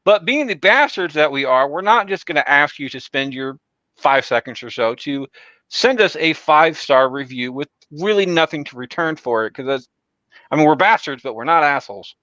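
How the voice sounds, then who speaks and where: A man hosts a podcast in loose, rambling chat full of fillers. His voice is bright and crisp, and the sound is dry. The recording is slightly dull and lo-fi. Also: on the high side, animated, normal speed, dry recording. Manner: rambling, many fillers and restarts. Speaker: podcast host. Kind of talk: casual chat.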